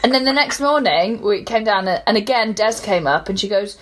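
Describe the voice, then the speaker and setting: A woman's voice: medium pitch, a little fast, background noise. A woman co-hosting a comedy podcast, teasing her partner with dry jokes and frequent laughter. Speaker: podcast co-host. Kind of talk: casual comedic chat.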